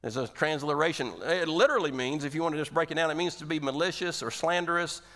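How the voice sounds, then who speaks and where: A male pastor giving a sermon in a conversational, animated way, asking the audience rhetorical questions. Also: a little high, quick pace.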